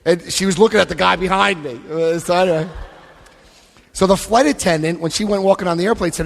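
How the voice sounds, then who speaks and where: A middle-aged American man addresses a recovery convention, joking and lively, acting out the voices in his stories. His voice sits a little high for a man. The sound carries a long reverb from the large hall. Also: a little fast, creaky. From United States. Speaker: AA convention speaker. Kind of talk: animated storytelling talk.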